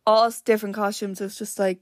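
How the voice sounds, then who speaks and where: A woman's voice: mid-range voice, level tone, fast talker, dry recording, studio quality. A young Irish woman hosting her own podcast, rambling through a story with lots of "like" and self-corrections. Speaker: podcast host. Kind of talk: casual chatty storytelling.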